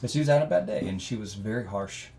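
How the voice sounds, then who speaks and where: A man guest telling a personal story in an interview, earnest and rambling with many fillers, growing loud and animated at emotional moments. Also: lowish voice, fast, a little hiss or hum.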